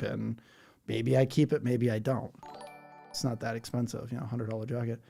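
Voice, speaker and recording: Guy rambling on his livestream, mellow dark voice, reading chat as he goes. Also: medium pitch, fairly even intonation, fairly quick, vocal fry, husky, soft background music. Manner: rambling, chatty, reads chat comments aloud. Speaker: livestream host.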